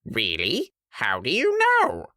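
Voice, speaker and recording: A woman voicing an easygoing duck who speaks in slow, drawn-out words. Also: very deep voice, huge pitch swings, bright, forceful tone, dry recording, clean studio sound, exaggerated voice. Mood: worried.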